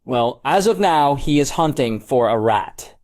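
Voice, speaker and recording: A man's voice: medium pitch, moderate pace, a little mellow, lightly acted. A male audiobook narrator voicing an earnest, protective adult man. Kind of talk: audiobook character reading.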